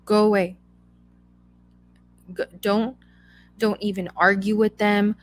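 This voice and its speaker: A woman's voice: mid-range voice, little pitch movement, slow, slight background noise. Blunt, emphatic woman podcast host. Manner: emphatic, blunt advice with repetition. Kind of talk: casual solo podcast talk.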